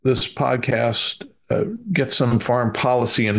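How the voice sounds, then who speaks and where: A man's voice: medium pitch, fairly even intonation, measured pace, few pauses, a bit bright. A man with a Bronx accent, cohosting a podcast in casual chat, hesitant with many fillers. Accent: Bronx, New York.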